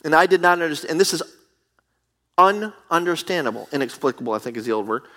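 A man preaching a sermon with animated, emphatic delivery and acted asides, from the United States. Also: on the high side, quick pace.

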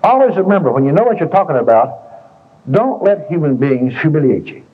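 A man's voice: on the high side, sing-song, brisk, a little hiss or hum. A man preaching a sermon in a folksy, colloquial way, repeating phrases and telling stories to the congregation. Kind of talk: sermon with storytelling. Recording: dull lo-fi tape recording.

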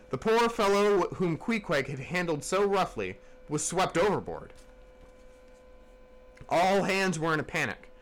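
A man narrating a classic sea novel aloud in a dramatic reading style. His voice is fairly high for a man and swings widely in pitch. Now and then he stumbles over a word and starts it again. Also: fairly bright tone, poor audio. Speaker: audiobook narrator.

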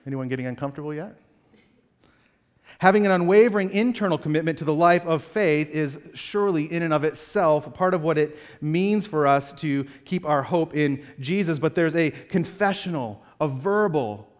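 Male pastor, slightly high voice, earnest sermon with direct questions, reverberant hall. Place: church sanctuary. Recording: long reverb of a church hall.

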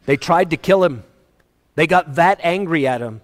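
A male pastor preaching a sermon emphatically, his voice rising and falling in pitch and loudness. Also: lively intonation, normal speed, long reverb tail. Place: church.

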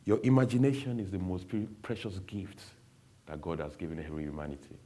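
A man's voice: low-pitched, lively intonation, a little fast, dark tone. A man giving a candid, emotional personal testimony to an audience, speaking bluntly.

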